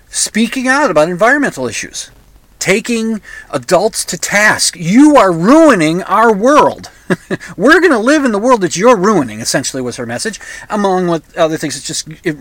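Older man rambling with lively pitch. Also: no room sound. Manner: rambling, sarcastic, with many restarts and asides. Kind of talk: casual monologue.

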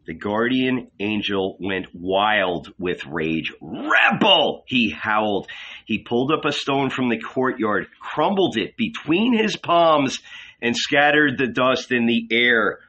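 Slow, expressive male reader. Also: medium pitch, lo-fi sound. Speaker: audiobook reader. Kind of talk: dramatic literary narration.

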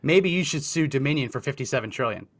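A man's voice: mid-range voice, expressive, fast. A man co-hosting a political talk show, joking and sarcastic, who reads posts aloud and mostly backs up his co-host. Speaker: podcast co-host.

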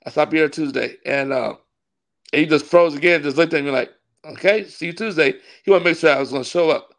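Fast and fairly high-pitched, a man from California, both a pastor and a wrestling ring announcer, tells a story in a casual interview. He's animated, laughing a lot as he recreates what other people said.

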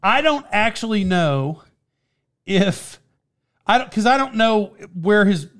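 A man telling a story in casual chat, animated, breaking into loud impressions of an excited fan. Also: high voice, slow pace.

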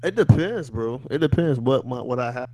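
A man's voice: medium pitch, lively intonation, normal speed, darkish tone, low-quality recording. A young man in casual podcast chat, slangy, often stumbling and repeating words.

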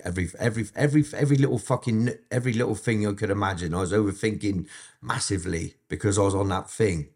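A man's voice: lowish voice, fast talker, darkish tone, slightly rough. A man recounts his past in a sit-down interview. He talks bluntly and swears constantly, stumbling and restarting as he goes. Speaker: interview guest. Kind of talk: candid storytelling interview.

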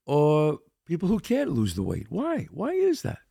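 Animated, gravelly man giving a pep talk. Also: a little high, unhurried, no room sound, studio quality. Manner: emphatic, animated, acts out quoted voices. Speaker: podcast host. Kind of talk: motivational monologue.

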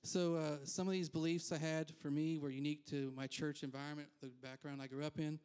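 A man's voice: a little high, level tone, a little fast, darkish tone, smooth. A man preaching a conversational sermon as pastor in a church, candid and self-deprecating, with frequent asides.

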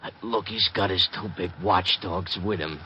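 An actor playing a nervous, dim-witted crook's sidekick with a whiny voice, in 1940s radio acting style. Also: male voice, deep voice, normal speed, bright, forceful tone, a little hiss or hum. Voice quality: whiny, anxious. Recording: dull old radio recording.

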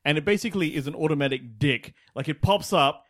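A man in his forties co-hosting a casual podcast chat, swearing freely and breaking into loud laughs. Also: on the high side, lively intonation, fast talker. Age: 40s. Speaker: podcast co-host.

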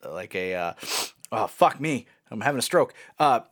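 A man's voice: on the low side, animated, moderate pace. A man in his thirties telling a story in casual chat, rambling and self-mocking, often laughing at himself.

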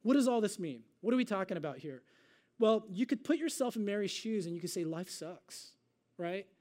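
A male pastor delivers a sermon in a high-pitched, mellow voice. He talks to the congregation in a loose, conversational way, then stretches out his readings of scripture with slow, dramatic emphasis. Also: animated. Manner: conversational asides.

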